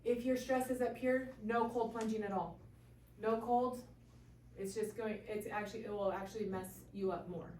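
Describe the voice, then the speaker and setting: A woman's voice: mid-range voice, fairly even intonation, normal speed, darkish tone. Woman chiropractor walking a group thru health tips, lots of "okay?", distant mic, bit of hiss. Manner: earnest, explanatory, frequent "okay?" check-ins. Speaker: chiropractor giving a talk. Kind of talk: explanatory health talk to a live group. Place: room with a small audience. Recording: echoey room, voice from far off.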